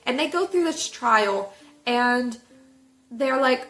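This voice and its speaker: A woman chatting casually as she reviews a book, animated and full of filler words. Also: on the high side, takes it slowly. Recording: echoey room.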